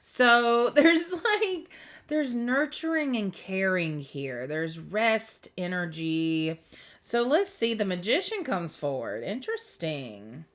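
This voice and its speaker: Slow yet very animated, this mid-pitched woman's voice has a touch of brightness. She's giving a spiritual reading in an easygoing way, face near the lens under bright indoor light, rambling, giggly and prone to interrupting herself.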